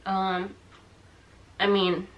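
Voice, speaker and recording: A young woman in her twenties talking to camera in a halting, tearful way, with fillers and restarts and a thick throat she keeps clearing. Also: mid-range voice, completely flat delivery, muffled recording. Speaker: vlogger. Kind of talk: personal talk to camera.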